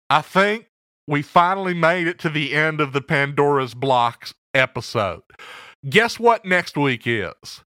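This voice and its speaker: A man's voice: on the high side, sharp tone, no room sound, studio quality. A man hosting a music show, chatting casually in a playful, joking way. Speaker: podcast host.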